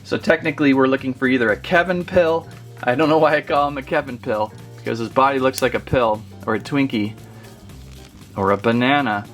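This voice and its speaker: Toy-review host: chatty, rambling man, mid-pitched, faint music behind. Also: a little fast, fairly bright tone. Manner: chatty, rambling, easily amused. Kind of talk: casual unboxing review.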